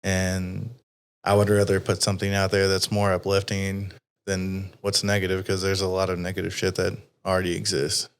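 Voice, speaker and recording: Low, flat-voiced man chatting casually. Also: normal speed, clear, resonant tone. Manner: rambling, frequently swearing, many fillers. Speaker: podcast host. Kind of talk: casual conversational chat.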